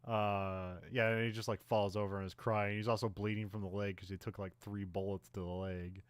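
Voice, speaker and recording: A man co-hosting a podcast, casually recapping a film plot with many fillers and quick acted-out character lines. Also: fairly low pitch, little pitch movement, smooth, dry recording. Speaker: podcast co-host. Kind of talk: casual movie recap chat.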